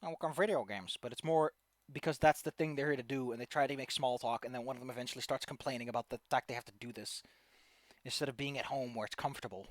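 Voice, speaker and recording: A man's voice: mid-range voice, fairly even intonation, fast, no echo, clean studio sound. A man narrating as game master in a tabletop game, talking loosely with lots of filler words.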